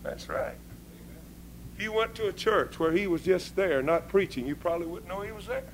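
A man preaching a sermon with folksy, informal grammar, swinging between hushed talk and fervent shouting. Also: high-pitched, lively intonation, normal speed, a little hiss or hum, low-quality recording.

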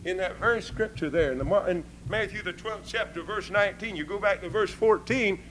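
A man preaching a sermon with folksy, informal grammar, swinging between hushed talk and fervent shouting. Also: sits high, a little fast, a little hiss or hum, low-quality recording.

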